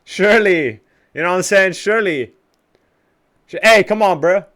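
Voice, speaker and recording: A man's voice: sits high, moderate pace, fairly bright tone. A young man streaming games live, chatting casually and trash-talking with lots of swearing. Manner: profane, trash-talking banter.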